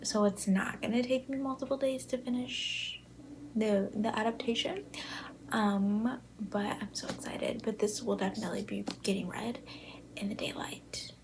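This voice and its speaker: A woman's voice: medium pitch, fairly even intonation, moderate pace, noisy background. A nineteen-year-old woman from Buffalo, New York, chatting to camera about books, often whispering late at night in a gushing, filler-heavy way. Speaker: book vlogger. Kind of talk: casual chat to camera.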